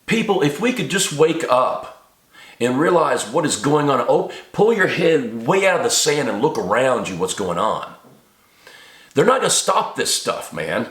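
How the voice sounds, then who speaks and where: This middle-aged video maker speaks at a measured pace in a sing-song, fairly bright voice of medium pitch. Ranting agitatedly to camera in an echoey room, he lets his voice rise sharply as he gets worked up.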